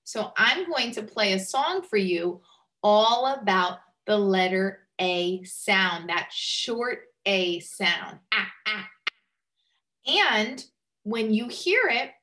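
Slow, bright-voiced woman teacher. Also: medium pitch, lively intonation. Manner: slow, patient, modelling sounds. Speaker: first-grade teacher. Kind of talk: phonics lesson for children.

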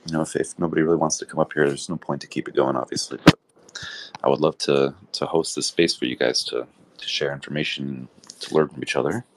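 A man's voice: very deep voice, fast, background noise. A man hosting a live audio chat room, talking loosely with lots of fillers. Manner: relaxed, rambling, filler-heavy talk. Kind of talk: casual chat. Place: Thailand.

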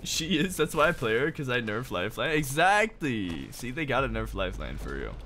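A man streaming a video game, chatting casually with a friend, excitable, swearing and laughing often. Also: medium pitch, a little fast, a little hiss or hum. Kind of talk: casual gaming stream chat.

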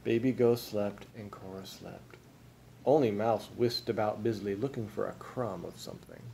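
A man reading a children's storybook aloud as a father, with expressive, unhurried storytelling. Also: lowish voice, gravelly, a little hiss or hum.

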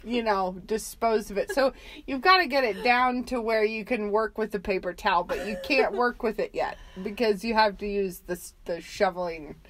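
A middle-aged woman co-hosting a podcast, telling a comic story in a casual, animated way with bursts of laughter. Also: mid-range voice, normal speed, slight background noise. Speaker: podcast co-host.

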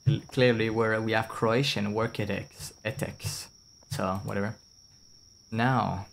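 A man's voice: on the low side, steady tone, slow, gravelly, slight background noise. A young man with a French accent, rambling and chatting casually as he streams a game, swearing now and then and answering his chat. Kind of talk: casual gameplay commentary.

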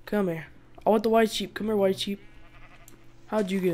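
Playing a survival game for a gaming video, a woman talks at a moderate pace in a mid-range, slightly mellow voice. Her let's-play commentary is casual and chatty, full of laughter and exasperated outbursts at the animals.

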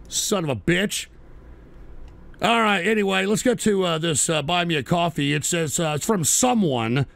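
An older man rants through his radio show, swearing and boasting before he erupts into shouts. His voice sits high with a gravelly fry, and the recording is dry and close. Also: animated, moderate pace, no echo. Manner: boastful, profane, bursts into loud shouting. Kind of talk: crude ranting talk show.

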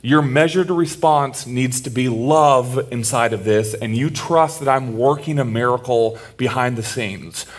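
A man in his thirties, a pastor giving a conversational sermon, telling stories in a relaxed way with fillers. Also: mid-range voice, measured pace, few pauses.

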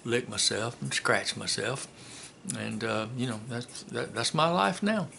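A man's voice: medium pitch, animated, measured pace, gravelly, pushed and bright, slight background noise, exaggerated voice. A man voicing a boastful old male talking dog in a joke, telling his tall tale in a laid-back drawl.

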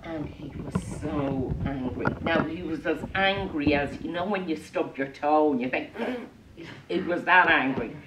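A woman's voice: sits low, normal speed, few pauses, noisy background. A woman telling a story live to children, playful and full of jokey asides. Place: arts centre room with audience. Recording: echoey room, mic at a distance.

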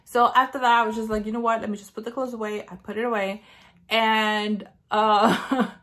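A woman's voice: a little high, moderate pace. Chatty rambling woman beauty vlogger. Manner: chatty, rambling storytelling with lots of "like"; animated, acts out her own lines. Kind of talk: casual chat.

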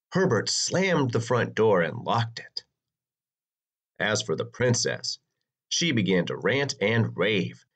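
A man reads a children's storybook aloud with slow, deliberate pacing. His husky voice swoops through a very wide pitch range for drama. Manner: expressive, sweeping pitch for drama. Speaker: narrator.

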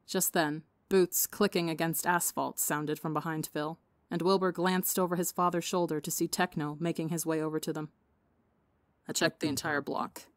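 A woman narrating fiction in a steady, measured reading voice for a podcast. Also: low-pitched, no echo. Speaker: audiobook podcast reader. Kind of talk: scripted narration of fan fiction.

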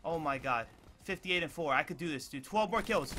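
Hyped young man with a high bright voice. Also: a little hiss or hum. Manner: excitable, hyped, swears freely; quick running play-by-play shouts. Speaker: gaming video creator. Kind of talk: live gameplay commentary.

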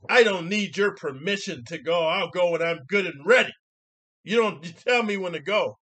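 A man's voice: high voice, animated, normal speed, pushed and bright, breathy edge, pitched above the performer's own voice, exaggerated voice. A man putting on the voice of an entitled woman driver who snaps angry retorts. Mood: snapping.

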